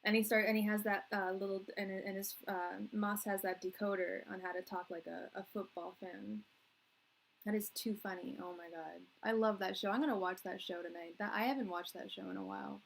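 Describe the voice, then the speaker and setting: A young woman from England hosts a tarot live stream, wandering from thought to thought in slangy, laid-back chat and laughing a lot. Her voice is medium-pitched, steady, fairly quick and creaky. The recording is rough, with slight background noise.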